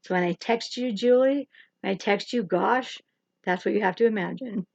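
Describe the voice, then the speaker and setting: A woman hosts a casual livestream makeup tutorial, joking and teasing herself as she talks. Her voice is husky and gravelly, recorded dry and close with a slightly dull, lo-fi sound. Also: medium pitch, fairly quick, darkish tone, dry recording. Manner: rambling, joking, self-teasing. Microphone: camera or phone livestream.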